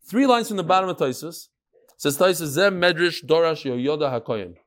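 Rabbi teaching a class: a man with a slightly high voice who tells stories in a lively way and calls out to his students. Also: moderate pace. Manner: animated, talks straight to the class. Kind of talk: lively lecture with storytelling.

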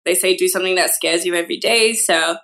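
A woman's voice: lowish voice, fast, fairly bright tone. A woman guest on a podcast, speaking in a loose, chatty way with frequent fillers. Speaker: guest artist. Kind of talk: casual interview chat.

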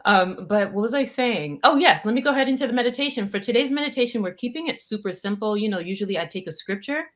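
A woman hosting a livestream devotional, animated, greeting viewers by name and laughing often, a Haitian Creole speaker. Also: mid-range voice, fast. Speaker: prayer livestream host.

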